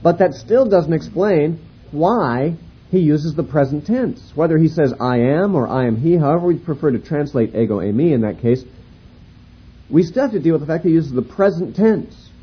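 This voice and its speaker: A man teaching a Bible lecture in a measured, explanatory way, pausing to spell out and repeat words. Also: a little high, animated, slightly rough, highs cut off.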